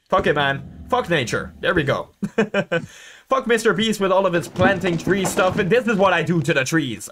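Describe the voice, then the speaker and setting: Young gaming host, jokey and foul-mouthed, lively delivery with a fairly high voice. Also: male voice. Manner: excitable, swearing, jokey, shrieks when startled. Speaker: gaming YouTuber. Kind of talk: horror game commentary.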